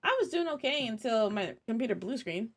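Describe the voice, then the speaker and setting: A woman streamer giving chatty, excitable gameplay commentary and talking to her viewers. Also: on the high side, fairly quick.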